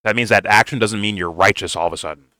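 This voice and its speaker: A heated man tears into a political video he is reacting to, cursing at every turn. His voice sits a little low and pushes forward with a hard, tense edge, recorded close and dry. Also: fast, pushed and bright, no room sound. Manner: blunt, heated, swears constantly, says "bro". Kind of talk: profane reaction rant.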